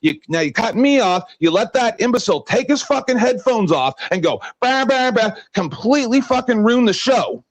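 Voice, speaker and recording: A man's voice: high voice, sing-song, brisk, few pauses, no room sound, low-quality recording. An older retired man ranting angrily at a stream panel, swearing and hurling insults. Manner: shouting insults, swearing constantly. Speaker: debate panelist. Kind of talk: angry profane rant.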